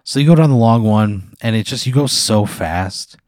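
A podcast host tells a long, rambling hypothetical packed with "like" and casual swearing, a casual storytelling chat. His lowish voice is expressive and a little mellow at normal speed, in clean studio sound with no room.

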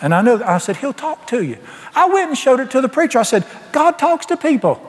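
A man preaching in a church, telling his story in a folksy way and acting out every exchange. His voice sits high and swings widely in pitch. The sound rings with the long reverb of a church hall. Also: brisk. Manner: folksy, animated storytelling, acts out dialogue. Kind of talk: storytelling sermon.

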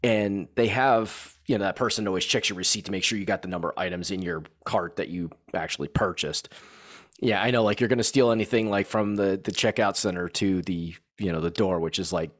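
A man's voice: low-pitched, fairly quick. A man in casual chat, telling a rambling story about his young son, full of restarts and fillers.

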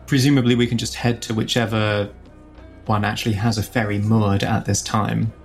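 A man's voice: lowish voice, level tone, moderate pace, faint music behind. Jokey man at a tabletop game. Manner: jokey and light, laughing often. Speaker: player. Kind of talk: tabletop role-play chat.

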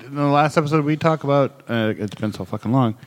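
A man's voice: medium pitch, fast talker, long reverb tail. A man co-hosting a casual podcast chat, talking loosely and laughing easily. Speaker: podcast co-host.

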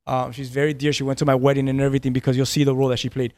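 Racing along in a medium-pitched, level, darkish voice with no room sound, a man in his thirties who pastors tells a personal story on a podcast. He's earnest, repeats words often, and laughs between lines.

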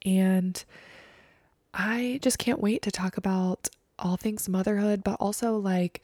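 A woman in her thirties hosting her own podcast, speaking earnestly and emotionally, often soft and breathy. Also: medium pitch, fairly even intonation, slow, no echo, clean studio sound. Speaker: podcast host. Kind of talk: personal podcast monologue.

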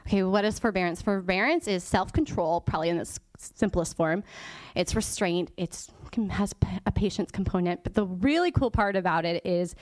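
A woman with a medium-pitched voice talks at normal speed with few pauses, and the recording is dry. As a guest church teacher, she preaches in a relaxed, conversational way, laughing a lot and lowering her voice to a whisper to drive points home.

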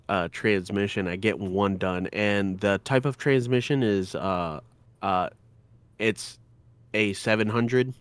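A man's voice: lowish voice, a bit bright, clear, resonant tone, no room sound. Blunt swearing man, dry close sound. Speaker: podcast co-host. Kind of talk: casual chat.

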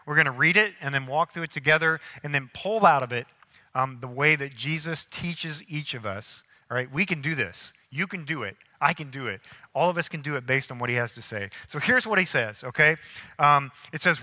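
A male pastor delivers a sermon, acting out the people in his stories with animated energy. His voice is strikingly bright and a touch high. It carries the long reverb of a large church hall. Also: a little fast.

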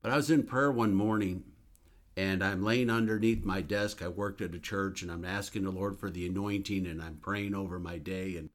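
A man who is a minister, sharing a religious testimony in an earnest, emphatic storytelling manner. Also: low voice.

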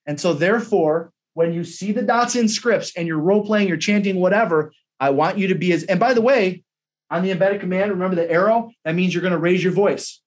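A man with a high voice leads a sales training lesson. He coaches with emphasis, often repeats himself and models script lines aloud to show how they should sound. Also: brisk.

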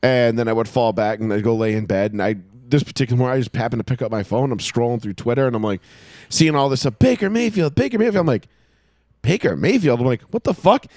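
A man co-hosting a casual podcast, telling a story in a profane, animated way. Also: medium pitch, quick pace, no room sound, clean studio sound. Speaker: podcast co-host. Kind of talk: casual chat.

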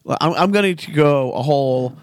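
A man's voice: on the high side, normal speed, no echo, studio quality. A man co-hosting a casual podcast, rambling with many restarts. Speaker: podcast co-host. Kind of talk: casual chat.

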